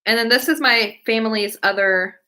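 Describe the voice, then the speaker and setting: Bright-voiced young woman rambling on a live stream. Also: on the high side, normal speed. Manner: rambling, heavy use of "like" and "um"; chatty, reacting to viewer comments. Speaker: vlogger hosting a live stream. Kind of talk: casual live-stream chat.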